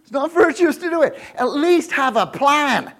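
A male preacher giving an animated, jokey sermon, often laughing and checking in with the crowd with quick rhetorical questions. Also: extremely high pitch. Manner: animated, asks the crowd frequent "right?" questions.

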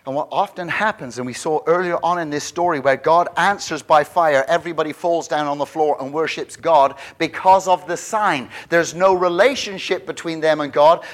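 A man delivering a sermon in an easy, conversational manner. His voice sits a little high for a man, and he doubles words as he drives a point home. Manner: conversational, repeats words when stressing a point. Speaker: preacher.

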